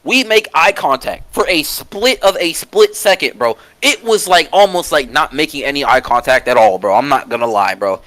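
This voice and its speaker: A man tells a story in casual chat, animated and swearing freely, full of slang. His voice is high and bright. The sound is close and dry, with no room around it. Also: moderate pace, few pauses, no echo. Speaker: storyteller on a podcast.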